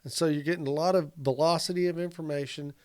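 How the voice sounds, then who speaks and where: A man talks through his views in a relaxed podcast discussion, building long examples and dropping in casual curses. His voice sits a little higher than most men's. He keeps up a steady, talkative flow. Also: fast. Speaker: podcast co-host.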